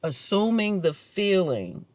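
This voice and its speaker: A man's voice: high voice, sing-song, slow, dry recording. A man talking to camera in a rambling personal monologue, casual and musing, chuckling to himself now and then. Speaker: vlogger.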